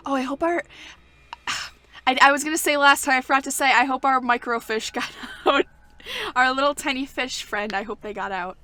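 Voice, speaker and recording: A woman streaming a story game, excitable and prone to loud outbursts and swearing between stretches of reading. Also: high voice, moderate pace. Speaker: let's play streamer. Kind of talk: gaming commentary. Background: faint game music.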